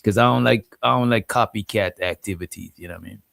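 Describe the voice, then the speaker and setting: A man's voice: on the low side, fast talker, gravelly, hardly any pauses, fairly bright tone, dry recording. Man, Guyanese accent, livestream host, rambling casual talk, dry close sound. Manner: rambling, peppers talk with "you know what I'm saying".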